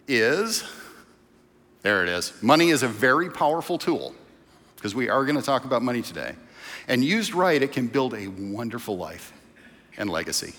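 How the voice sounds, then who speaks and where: A male pastor delivers a casual, story-driven sermon with a lively, swinging pitch. His voice carries the long reverb of a church hall. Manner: conversational preaching, tells stories.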